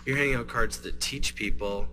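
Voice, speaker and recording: A man's voice: medium pitch, normal speed, sharp tone. A man hosting a podcast interview, enthusiastic and casually profane as he praises his guests. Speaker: podcast host. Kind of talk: interview chat.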